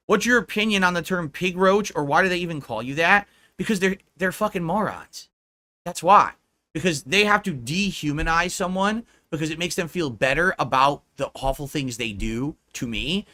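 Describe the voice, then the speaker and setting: A man on a livestream rants at his critics with profanity and mockery. His voice sits a little high and sounds bright and forceful, with a combative edge. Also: lively intonation, moderate pace.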